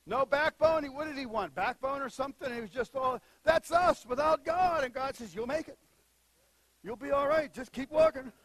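A man preaching a sermon, moving between quiet asides and loud, emphatic bursts. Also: very high voice, moderate pace, no echo, rough recording. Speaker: pastor.

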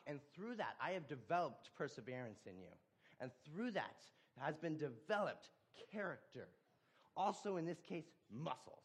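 A man's voice: medium pitch, sing-song, normal speed, breathy edge. Folksy man preaching a story. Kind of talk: sermon.

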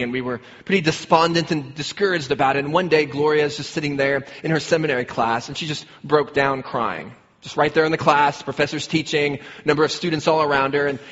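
A middle-aged man preaching a sermon, telling a personal story earnestly and getting animated when he quotes people. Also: on the high side. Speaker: pastor. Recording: dull sound with long hall reverb.

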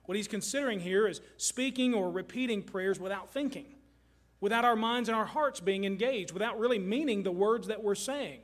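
A middle-aged man from Kentucky delivers a sermon from the pulpit. His voice sits high for a man, and his earnest, emphatic delivery leans on repetition to drive each point home. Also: normal speed. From Kentucky, USA. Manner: earnest, emphatic preaching with repeated phrases. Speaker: pastor.

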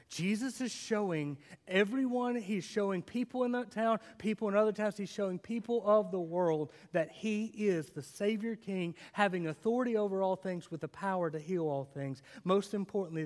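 A man preaching a sermon. He tells the story dramatically, asks his listeners questions, and swings between loud and hushed delivery. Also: high voice. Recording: long reverb of a large hall.

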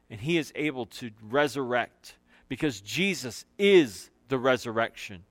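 A man preaching a sermon in repeated, emphatic phrases. He slows down and drops quiet on key words, with loose asides and fillers between passages. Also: medium pitch, lively intonation, dry recording. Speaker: pastor.

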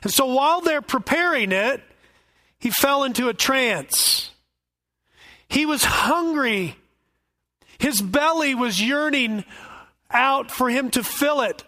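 A man's voice: extremely high pitch, expressive, slow, long pauses, sharp tone. A male pastor giving an expository sermon with folksy asides and jokes.

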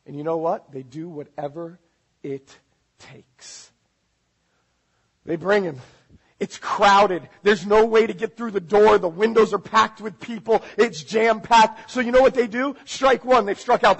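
A man preaching a sermon as pastor, swinging between loud urgent calls and hushed, intense passages. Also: high voice, husky, low-quality recording. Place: church.

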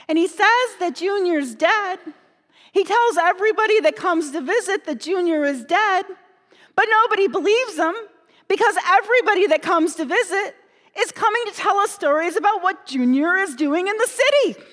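Very high-pitched woman in a reverberant hall. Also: normal speed. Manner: animated, emotional storytelling. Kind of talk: retelling a parable as a first-person story.

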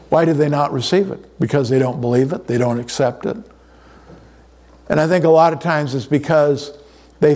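A man's voice: on the high side, a little mellow. A middle-aged man preaching a conversational sermon, often repeating words as he restarts his sentences. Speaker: pastor.

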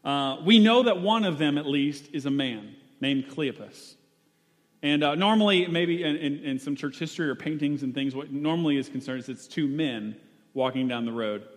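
A man's voice: fairly high pitch, moderate pace. A man preaching a sermon in a conversational way, with frequent fillers and restarts. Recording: long hall reverb.

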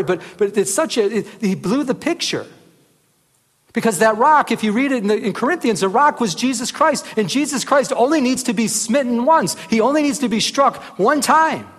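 A man giving a casual Bible teaching, earnest, with many rhetorical "remember?" questions. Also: sits high. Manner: earnest, rises into animated emphasis, often asks "remember?". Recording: reverberant hall.

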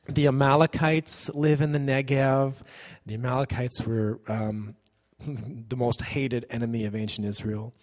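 A man preaching a sermon as a pastor, animated, often acting out the voices of the people in the passage he reads. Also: medium pitch, measured pace. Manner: animated, acts out quoted voices. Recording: long hall reverb.

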